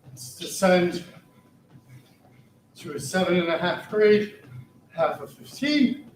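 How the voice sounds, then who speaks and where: Out-of-breath male fitness streamer, slow high delivery, roomy and distant. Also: animated, a little hiss or hum. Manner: breathless, off-key singing between short workout remarks. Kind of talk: singing and talking during a treadmill workout.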